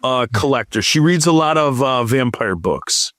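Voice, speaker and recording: A man's voice: mid-range voice, animated, moderate pace, a bit bright, no room sound, studio quality. A man co-hosting a podcast, chatting casually in a playful, teasing way. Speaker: podcast co-host. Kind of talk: casual chat.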